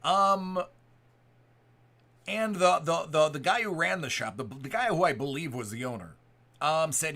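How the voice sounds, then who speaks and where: A man's voice: fairly high pitch, a little slow, long pauses, pushed and bright. A man in his forties from the Buffalo area, chatting casually and telling a story, with rambling restarts and quotes he acts out. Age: 40s. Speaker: card break host.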